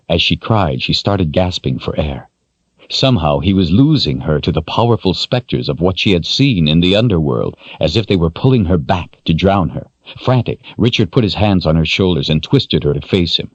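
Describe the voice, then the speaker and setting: A man narrating a fantasy audiobook in a steady, measured way. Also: deep voice, husky, dry recording. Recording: dry, dull lo-fi studio sound.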